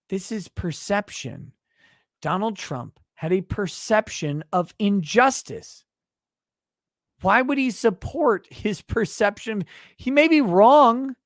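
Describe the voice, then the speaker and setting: A man with a high-pitched voice delivers angry, sarcastic running commentary. He swears freely and jumps between scorn and argument. The sound is dry and close. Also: dry recording. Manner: heated, sarcastic, profane. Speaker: commentator reacting to a hearing.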